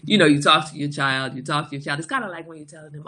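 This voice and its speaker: A woman's voice: low-pitched, fairly even intonation, racing, few pauses, a bit bright. A woman in her forties hosting a livestream, chatting frankly and jokingly with viewers and reading out their comments. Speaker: livestream host. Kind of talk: casual chat with live viewers.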